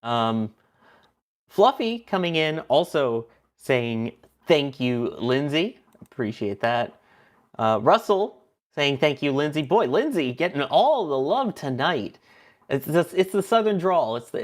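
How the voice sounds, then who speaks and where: A man's voice: a little high, big pitch swings, measured pace. A man co-hosting a livestream, chatty and punning, reading viewer messages aloud. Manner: chatty, punning, laughs often. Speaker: co-host.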